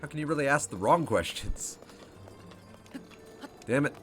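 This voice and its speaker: A man's voice: fairly high pitch, expressive, unhurried, fairly bright tone, faint music behind. A man giving casual, swearing commentary while playing a video game. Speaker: gameplay streamer. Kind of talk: casual let's play commentary.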